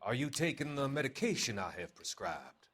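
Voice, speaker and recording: A cold manipulative psychiatrist. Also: male voice, mid-range voice, a little hiss or hum. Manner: calm, clinical, measured. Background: game music.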